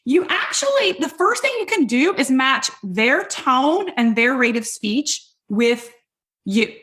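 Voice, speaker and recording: A middle-aged woman hosting a podcast, coaching listeners on sales in a loud, hypey, direct way. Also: sits high, big pitch swings, slow pace. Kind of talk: energetic teaching monologue.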